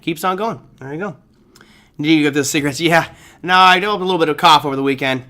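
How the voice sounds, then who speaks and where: A man's voice: a little high, fast talker, pushed and bright. A man hosting a live trading show, casually talking through charts and answering viewer chat. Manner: casual, chatty, thinks aloud with fillers. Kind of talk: live market commentary, reading viewer chat.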